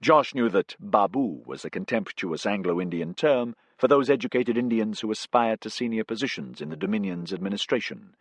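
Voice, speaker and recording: A man reading a science fiction audiobook as narrator, in a measured storytelling manner. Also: fairly low pitch, animated, no room sound. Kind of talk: scripted narration.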